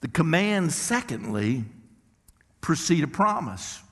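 A male pastor preaching a sermon in a church, emphatic and slowing down to stress key words. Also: a little high, big pitch swings, fairly bright tone, husky. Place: church worship center. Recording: long hall reverb.

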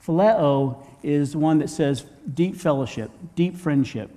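Speaking a little slowly in a warm, higher-leaning voice, a pastor delivers a conversational sermon full of rhetorical questions. A long reverb tail follows his words, which he often repeats while restarting.

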